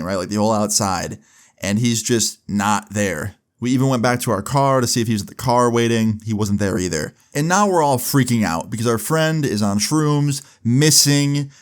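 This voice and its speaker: Casual young man, low voice. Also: clear, resonant tone. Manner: rambling, lots of "like" and "right?". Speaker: storyteller. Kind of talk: casual storytime vlog.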